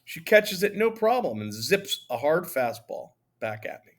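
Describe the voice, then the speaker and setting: A man reading a children's novel aloud in the first person, lively and conversational. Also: fairly high pitch, unhurried. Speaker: audiobook narrator. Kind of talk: first-person storybook narration.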